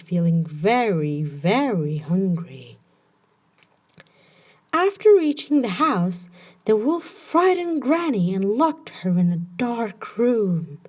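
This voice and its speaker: A woman narrating a children's bedtime story with slow, expressive storytelling. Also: medium pitch.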